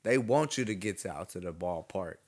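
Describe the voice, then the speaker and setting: A man from Los Angeles in a casual chat, jumping in with animated, slangy remarks. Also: deep voice, normal speed. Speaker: guest.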